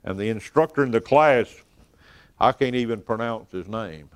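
A man's voice: mid-range voice, moderate pace, smooth. A man preaching an evening sermon, speaking emphatically, repeating key words and letting his phrases fall away at the ends.

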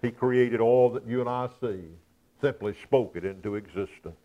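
A man preaching a sermon. He chuckles between points and swells from quiet asides to loud, raised emphasis. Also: medium pitch, steady tone, moderate pace, highs cut off.

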